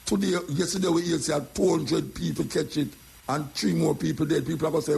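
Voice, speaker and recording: Older Jamaican man, gravelly and husky, telling stories in patois and repeating himself. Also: on the high side, brisk, darkish tone. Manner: patois storytelling, repeats phrases. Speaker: radio talk host. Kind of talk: casual monologue.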